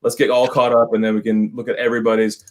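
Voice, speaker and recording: A man's voice: mid-range voice, flat delivery, quick pace. Joking man reading super chats. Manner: laughs often, joking, thanks viewers by name. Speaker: co-host of a whiskey channel livestream. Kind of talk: casual livestream chat.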